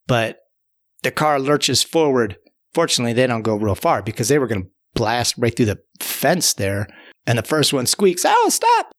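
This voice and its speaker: A man with a gravelly, creaky edge to his voice tells a tall tale in an easy, conversational way. He wanders as he talks, repeats himself and restarts, and keeps dropping in "you know". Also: mid-range voice. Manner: rambling, repeats words and fills with "you know". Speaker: storyteller. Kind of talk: casual spoken tall tale.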